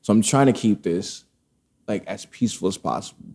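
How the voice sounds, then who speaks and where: A man telling a story in casual chat, animated and profane, with loose street slang. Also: fairly low pitch, fairly quick, husky.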